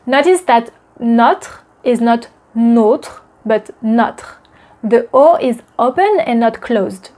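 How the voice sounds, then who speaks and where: A woman with a French accent teaching pronunciation, drilling words slowly syllable by syllable. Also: a little high, a little mellow. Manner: slow careful drills, repeating words syllable by syllable. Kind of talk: pronunciation lesson.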